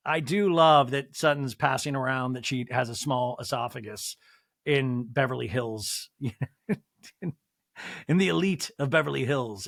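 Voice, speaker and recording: A man's voice: medium pitch, a little slow, creaky, fairly bright tone, no echo, clean studio sound. A man hosting a podcast, recapping reality TV with sarcasm, swearing and mimicry. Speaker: podcast host.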